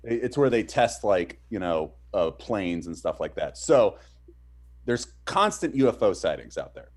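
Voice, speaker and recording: A man's voice: lowish voice, very animated, measured pace. A man from Virginia co-hosting a streamed chat, reacting with jokes and casual swearing. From Virginia, USA. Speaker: stream co-host.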